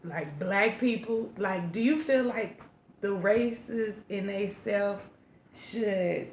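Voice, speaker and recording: A woman's voice: mid-range voice, slow pace, a little mellow. A woman co-hosting a casual podcast, asking blunt questions in a loose, drawling way. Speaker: podcast co-host. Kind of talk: casual profane chat. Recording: echoey room, faint noise.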